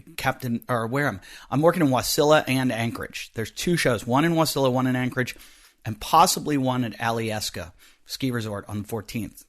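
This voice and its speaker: A middle-aged male comedian runs a loose, joking monologue as a podcast host, his nose audibly stuffy. He rambles from one aside to the next, jumping from loud bursts down to muttered, offhand remarks. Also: mid-range voice. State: stuffy nose, a bit snotty.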